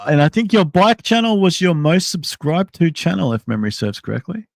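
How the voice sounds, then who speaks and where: A man's voice: fairly high pitch, very animated, brisk, gravelly, no room sound. A man hosting a casual livestream, thinking aloud in a rambling way with many restarts and answering chat messages. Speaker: livestream host.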